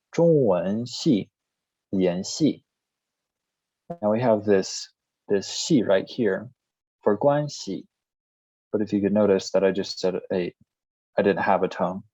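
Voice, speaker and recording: A man teaching a recorded language lesson, reading word lists one item at a time in a plain, steady way. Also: low voice, dry recording. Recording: slightly dull lo-fi recording.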